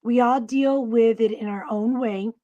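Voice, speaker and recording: A woman co-hosting a casual talk show, reading out viewer comments in a supportive, steady way. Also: on the high side, a little slow, lo-fi sound. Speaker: co-host.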